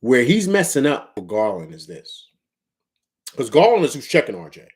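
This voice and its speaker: A man's voice: medium pitch, huge pitch swings, moderate pace. A man from Harlem, New York, hosting a casual live sports talk show. He talks emphatically, repeats phrases for effect and slips into a coaching tone.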